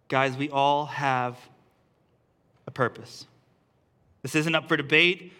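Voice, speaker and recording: A man's voice: medium pitch, fairly even intonation, takes it slowly, pauses often, sharp tone, smooth. A man, a pastor, preaching a sermon in an earnest, repetitive way that builds emphasis through restarts. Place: church service.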